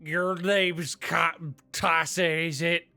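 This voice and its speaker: A man voicing a big, drunk, hostile male dragonborn sailor who bullies and booms. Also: little pitch movement, takes it slowly, gravelly, heavily acted. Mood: aggressive. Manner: loud, booming, bullying.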